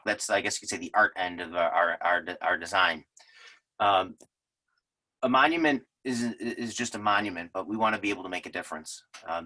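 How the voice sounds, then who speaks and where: A man's voice: fairly low pitch, pushed and bright, poor audio. A man giving an unscripted talk, telling earnest stories with many fillers and restarts. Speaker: lodge presenter.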